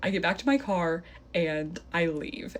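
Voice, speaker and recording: A young woman telling a dating story in a casual, animated way, full of "like" fillers. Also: fairly low pitch, a little slow, a little hiss or hum.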